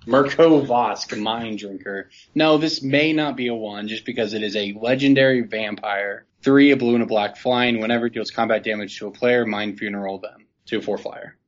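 A man's voice: medium pitch, moderate pace, few pauses, muffled recording. A man co-hosting a podcast, reading cards aloud and rambling casually with lots of fillers. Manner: rambling, filler-heavy, laughs often. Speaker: podcast co-host. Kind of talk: casual card-review chat.

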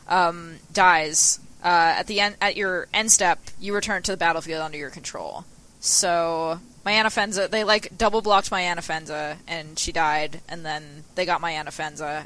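Bright-voiced woman telling a rueful story. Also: on the low side, rough recording. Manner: storytelling, rueful, quick asides. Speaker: podcast guest, card game player. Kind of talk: casual podcast chat.

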